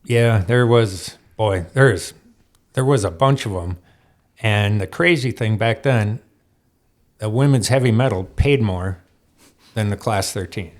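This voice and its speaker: A man telling racing stories as an interview guest in a studio, animated and laughing often as he acts out other people's lines. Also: fairly low pitch, unhurried, pauses often. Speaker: guest, off-road racer. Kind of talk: storytelling interview chat.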